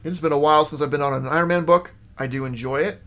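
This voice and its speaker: A man chatting casually about his latest comic book pickups, his voice sitting a little high for a man. He rambles, restarts his sentences and fills pauses with ums, but stays openly enthusiastic. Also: steady tone, a bit bright. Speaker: comic shop video host.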